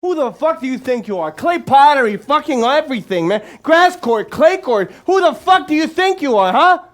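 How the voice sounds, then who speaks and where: A man's voice: very high-pitched, lively intonation, brisk, echoey room, pitched above the performer's own voice. A man voicing a crude, whiny male bettor who rants and curses nonstop. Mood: ranting. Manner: profane ranting, cursing nonstop.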